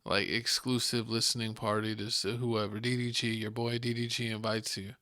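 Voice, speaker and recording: A man's voice: on the low side, flat delivery, moderate pace, pushed and bright, no echo, clean studio sound. A man co-hosting a casual podcast, teasing his co-host and laughing often.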